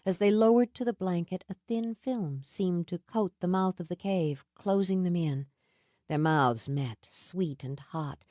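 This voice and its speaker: A woman narrating a romance audiobook in a soft, intimate storytelling manner. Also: fairly low pitch, a little slow, no room sound, studio quality. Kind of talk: scripted narration.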